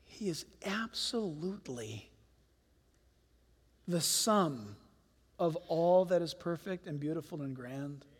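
A man preaching a sermon as pastor in a church, animated and firing rhetorical questions at his congregation. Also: high-pitched. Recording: long hall reverb.

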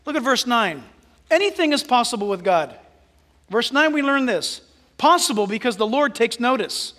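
High-voiced animated male preacher. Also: moderate pace, big-room sound. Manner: animated, swings from hushed asides to loud exclamations. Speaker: pastor. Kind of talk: sermon.

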